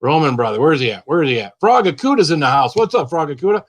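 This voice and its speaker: Live stream host, male, slightly higher voice, easygoing chat, greets everyone by name. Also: fast. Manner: greets viewers by name, repeats himself, relaxed and chatty.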